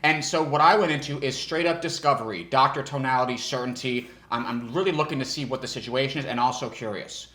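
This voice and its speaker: A man teaching sales technique in a direct, energetic coaching style. He often restarts his sentences as he talks. His voice sits at a medium pitch and rings around an echoey room. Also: quick pace, few pauses. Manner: energetic coaching, with frequent restarts and demonstrated tones. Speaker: sales trainer. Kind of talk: instructional talk.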